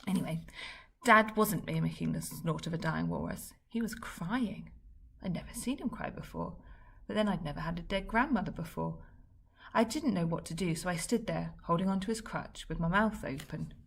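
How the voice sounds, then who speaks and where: A woman reading a children's book aloud in a wry, lively storytelling manner. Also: fairly low pitch, moderate pace, gravelly, slightly rough. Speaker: story reader.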